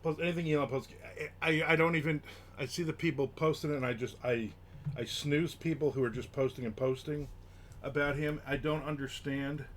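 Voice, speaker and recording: A man's voice: fairly high pitch, fairly even intonation, fairly quick, a little hiss or hum. A man hosting a casual live stream, chatting and reading viewer comments aloud as he rambles from topic to topic. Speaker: livestream host.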